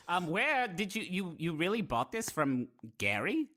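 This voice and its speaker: A man's voice: sits high, pushed and bright. A man playing a tabletop game, joking and theatrical in and out of character. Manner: jokey and theatrical. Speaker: player.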